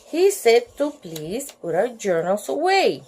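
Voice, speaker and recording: A woman's voice: on the high side, very animated, slow pace, darkish tone, husky. A woman reading a children's storybook aloud at home at night, giggling and breaking off with chatty asides.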